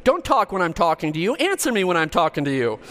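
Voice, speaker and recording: A preacher doing an exasperated scolding dad. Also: male voice, high-pitched, huge pitch swings, fairly bright tone, a little hiss or hum, heavily acted. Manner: rapid-fire, indignant, nagging. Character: exasperated scolding father lecturing his child.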